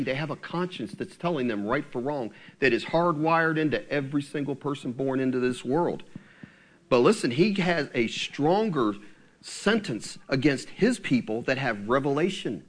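A man preaching a conversational sermon, asking his listeners questions and slowing down into a low, solemn tone when he reads scripture. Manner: drops to a low, slow tone for scripture.

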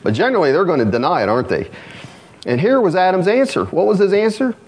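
The pastor's voice is high and his delivery fast as he gives an animated, chatty sermon, regularly posing rhetorical questions to the people in the pews.

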